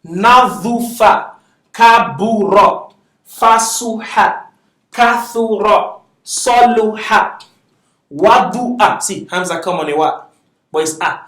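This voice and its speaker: Male language teacher, high voice, slow and deliberate delivery, recorded from a distance in a classroom. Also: fairly bright tone. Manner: drills words slowly, laughs often, chatty asides. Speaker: Arabic teacher. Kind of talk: classroom lecture, reading word lists aloud. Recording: echoey classroom from far off.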